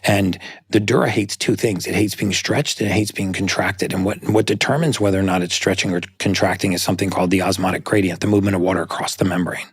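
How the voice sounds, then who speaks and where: A man's voice: deep voice, fairly even intonation, quick pace, few pauses, slightly rough, dry recording, studio quality. A man speaking as a guest in a conversational interview, talking earnestly and explaining at length.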